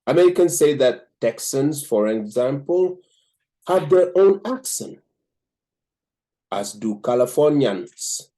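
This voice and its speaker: A man from Africa with an African accent hosts a show, reviewing a book and reading it aloud in a measured way with frequent "um" pauses. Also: medium pitch, dark tone. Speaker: host and book reader.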